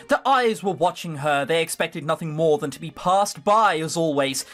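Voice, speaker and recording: A man's voice: fairly high pitch, animated, normal speed, few pauses, fairly bright tone, soft background music. A man with a slightly raised voice reads a visual novel aloud as a let's play host. He breaks in with sardonic, swearing asides. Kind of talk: reading aloud with commentary.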